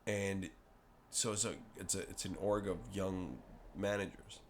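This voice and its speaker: A man's voice: low-pitched, flat delivery, a little hiss or hum. A man hosting a podcast in casual chat, chiming in with short asides and prompts to his guest. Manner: chimes in with quick asides and prompts. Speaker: podcast host.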